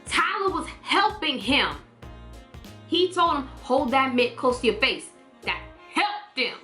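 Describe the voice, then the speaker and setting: A woman vlogger in casual chatty review mode, animated and putting on playful voices to act out quotes. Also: sits high, a little slow, echoey room, faint music behind.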